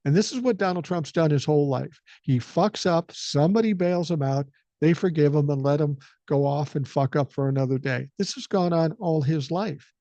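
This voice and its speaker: A man's voice: a little high, moderate pace, mellow, no room sound, lo-fi sound. An older man hosting a podcast, talking politics in a blunt, indignant, profane way. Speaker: podcast host. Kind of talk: casual political chat.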